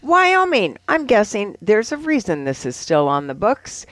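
A chatty, upbeat woman hosting a radio program and reading the ads. Her pitch is lively and moves around a lot. The recording is dry and close. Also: normal speed, dry recording. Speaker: radio host.

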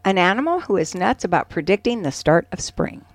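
A woman co-hosting a radio show, her mid-pitched voice rising and falling expressively as she reads. Her delivery has a sing-song lilt. The sound is dry and close. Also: big pitch swings, brisk, no room sound. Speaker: radio co-host. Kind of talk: casual radio chat, ad reading and poem recitation.

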